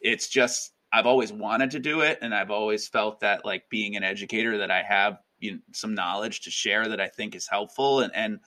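A man's voice: lowish voice, normal speed, hardly any pauses, sharp tone. A man in his thirties, a guest educator and author, chatting casually and upbeat with many fillers in an interview.

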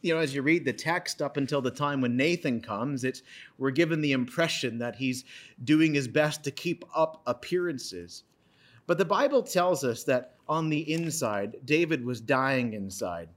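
A man preaching an earnest sermon, retelling a scripture story and reading verses aloud with dramatic pauses. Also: mid-range voice, lively intonation. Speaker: pastor.

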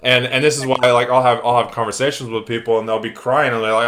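Animated man hosting a podcast. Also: mid-range voice, fast talker. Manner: animated, enthusiastic, acts out quoted dialogue. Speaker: podcast host. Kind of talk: casual podcast conversation.

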